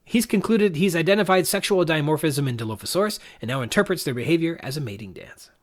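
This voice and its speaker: A man hosting a podcast, talking through a novel's punctuation in a measured, reflective, analytical way. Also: a little high, lively intonation. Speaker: podcast host.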